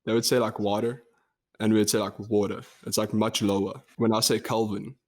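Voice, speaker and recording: A young man with a South African Durban accent, co-hosting a podcast in relaxed, explaining casual chat. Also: fairly low pitch, fast. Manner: relaxed, explaining, slightly monotone. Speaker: podcast co-host.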